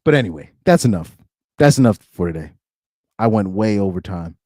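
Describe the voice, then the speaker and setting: A man's voice: on the low side, animated, a little fast, a little mellow, no room sound, clean studio sound. A young man hosting a live-streamed podcast in casual chat, rambling and laughing often between loose, filler-heavy sentences. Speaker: podcast host.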